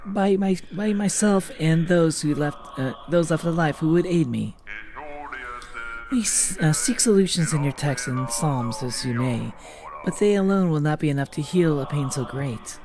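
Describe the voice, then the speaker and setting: A man reading the lines of a resolute female bug warrior in a measured, solemn voice close to his own. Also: fairly high pitch, animated, music in the background.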